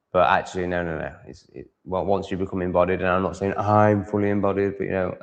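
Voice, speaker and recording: Yorkshire man hosting a livestream, low voice, meandering self-interrupting chat, reverb tail. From Yorkshire, England. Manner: rambling, self-interrupting, chatty. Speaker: livestream host. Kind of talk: casual livestream monologue.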